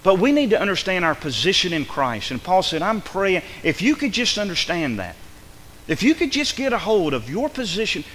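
Preacher guy, high bright voice, big swings up and down, long church echo. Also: a little hiss or hum. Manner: emphatic preaching, swings between hushed and loud. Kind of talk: sermon.

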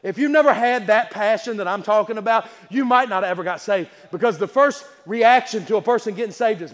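A man's voice: high-pitched, a little fast, hardly any pauses. A man preaching a sermon in a folksy, emphatic way, full of stammering restarts. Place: church sanctuary. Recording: long hall reverb.

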